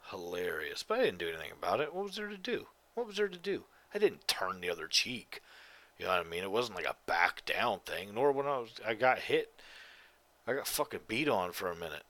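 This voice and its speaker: Here a grown man hosts his podcast alone, his low voice sing-song, a little quick, pushed and bright. Tiredness shows in his occasional yawns while he rambles on casually, cursing and speaking with emphasis.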